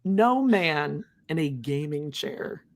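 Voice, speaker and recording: A woman's voice: low-pitched, animated, takes it slowly. A woman co-hosting a live stream, making blunt, dry jokes and groaning in disgust while recapping a reality show. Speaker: podcast co-host. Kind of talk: casual snarky TV recap chat.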